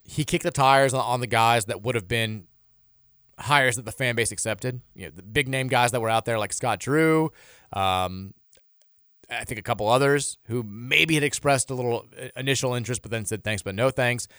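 A man's voice: mid-range voice, moderate pace, clean tone, no echo, studio quality. A man hosting a sports radio show, talking casually in a rambling way with many restarts. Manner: animated, rambling, frequent restarts and repeated words. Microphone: studio microphone.

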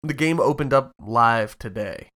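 Casting: young adult man, casual podcast co-host, mid-pitched, swears a lot, animated, goes into mocking bits. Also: measured pace. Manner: profane, animated, mocking impressions. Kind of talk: casual chat.

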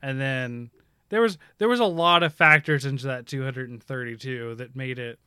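A man's voice: medium pitch, normal speed, sharp tone, clean tone, no room sound, studio quality. A man co-hosting a casual gaming chat, rambling and correcting himself, laughing often. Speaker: podcast co-host.

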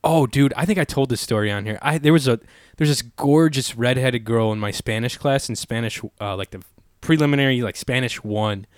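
A man's voice: medium pitch, fairly quick, no echo, clean studio sound. A young man with a laid-back, rambling way of talking, co-hosting a casual podcast chat. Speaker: podcast co-host.

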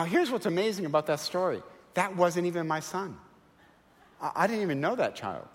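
A middle-aged man preaching a sermon, telling stories and acting out quoted voices in a lively, animated way. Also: high-pitched, big-room sound. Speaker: guest preacher. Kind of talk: sermon with storytelling. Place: church sanctuary.

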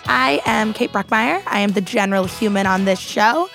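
A woman hosting a casual radio talk show from a studio, upbeat and quick to laugh. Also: mid-range voice, creaky, a bit bright, faint music behind. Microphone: studio microphone.

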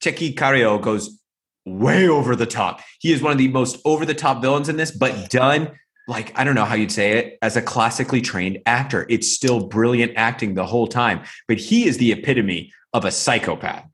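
On this podcast, a male co-host with a mid-range, fairly bright voice talks about films at a moderate pace. He rambles, leans on plenty of fillers, and acts out movie lines in changing voices.

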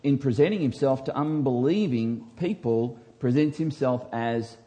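Mellow-voiced man preaching emphatically. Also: medium pitch, measured pace. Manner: emphatic preaching, swinging from hushed to loud. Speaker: pastor. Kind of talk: sermon.

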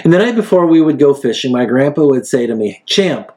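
A man preaching a sermon in a relaxed, conversational way, telling stories and acting out quoted speech. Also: fast talker. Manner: storytelling, acts out quoted speech with big pitch jumps; conversational, frequent fillers. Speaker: pastor.

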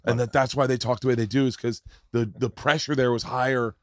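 A man hosting a podcast, chatting casually on a tour bus, animated and joking, swearing often. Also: medium pitch, brisk, no echo, clean studio sound. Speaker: podcast host. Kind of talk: casual chat.

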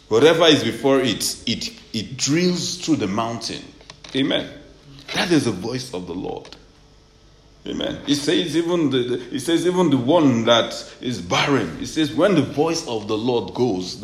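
A male preacher delivering a sermon, starting low and soft over scripture and climbing into loud, insistent preaching punctuated by amens. His voice sits at a middling pitch for a man. The recording rings in an echoey room with a faint ambient hum underneath. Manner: builds from low, quiet reading to loud, rising preaching with repeated amens.

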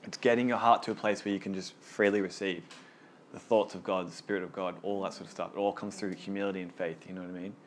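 A man's voice: low voice, steady tone, quick pace, slight background noise. A man leading a small Bible study group, teaching casually and earnestly, often repeating words as he gets going.

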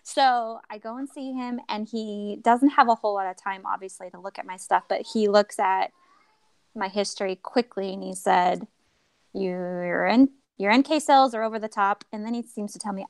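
A woman guest telling a personal story in a lively way, acting out what others said to her. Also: medium pitch, normal speed, smooth, no room sound. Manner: animated, acts out quoted voices. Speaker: podcast guest.

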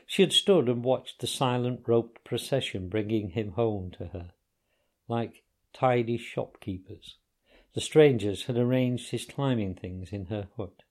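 A man calmly narrating a story in a measured, unhurried way. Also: medium pitch. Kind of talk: audiobook narration.

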